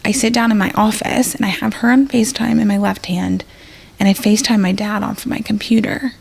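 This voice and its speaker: A woman's voice: medium pitch, steady tone, a little fast, vocal fry, breathy edge. A woman, an emergency nurse, telling a personal story as a podcast guest in a casual, rambling way, acting out what people said. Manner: rambling, full of fillers and acted-out quotes.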